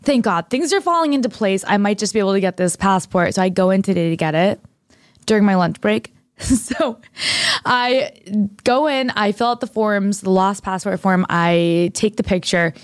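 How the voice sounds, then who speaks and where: In casual podcast chat, a young woman co-host recounts a story and performs both sides of the conversations. Her mid-range voice moves at a moderate pace, and the sound is clean studio quality with no room sound.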